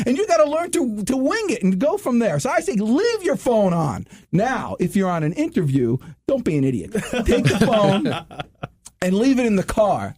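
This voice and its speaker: A male radio host gives sales tips in a joking, teasing way, often calling out to "ladies and gentlemen." His voice sits high and swoops all over the place. The studio mic sounds dry and close. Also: no room sound. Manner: animated, teasing, addresses listeners as ladies and gentlemen. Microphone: studio microphone.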